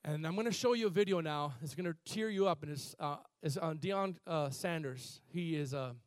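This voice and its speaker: A man's voice: fairly high pitch, moderate pace, dry recording. Impassioned preacher man, dry close sound. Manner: impassioned preaching, building from quiet to loud. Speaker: pastor. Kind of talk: sermon.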